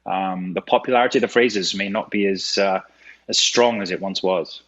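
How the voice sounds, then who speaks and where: A man's voice: low voice, steady tone, a little fast, fairly bright tone. A man with a Scottish accent, chatting as an interview guest over a video call, laughing easily and restarting his sentences often. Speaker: actor guest. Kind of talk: casual interview chat. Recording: dull lo-fi video call audio.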